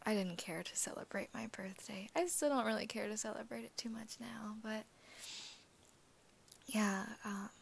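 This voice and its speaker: A woman's voice: medium pitch, normal speed. A woman in a groggy morning voice who has just woken up, giggling often as she talks in a whispered, casual chat with listeners as an ASMR host. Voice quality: raspy. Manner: giggly, laughs often between phrases.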